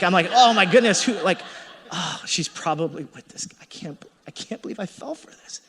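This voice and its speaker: A man in his thirties preaching a sermon as a pastor, telling a personal story with animated delivery and acting out his own thoughts. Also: fairly high pitch. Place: church hall. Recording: long hall reverb.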